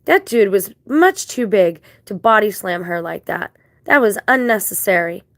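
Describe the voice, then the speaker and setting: A woman's voice: mid-range voice, lively intonation, normal speed, fairly bright tone, dry recording. A woman telling a long story in a casual vlog, indignant and rambling, with religious turns of phrase. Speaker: vlogger.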